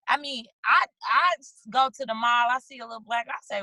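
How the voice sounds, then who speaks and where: Bright-voiced woman on a video call. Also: a little high, a little fast, no room sound, rough recording. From St. Louis, USA. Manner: animated storytelling, acts out little quoted lines. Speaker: guest, children's book author. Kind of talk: casual video-call interview.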